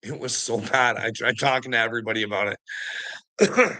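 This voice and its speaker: A man's voice: medium pitch, steady tone, moderate pace, pushed and bright. A man telling a rambling story to a friend in casual chat, swearing a lot and laughing often mid-sentence. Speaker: vlogger.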